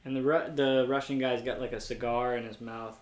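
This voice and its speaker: A man's voice: medium pitch, little pitch movement, brisk, reverberant. A man in casual chat about a film, asking questions and swearing casually. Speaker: co-host recapping a film.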